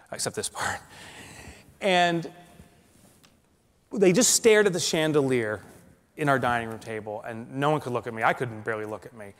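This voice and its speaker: A male keynote speaker telling a dramatic personal story to a live audience, swinging from loud and animated to hushed and slow. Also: mid-range voice. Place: large conference hall. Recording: long hall reverb.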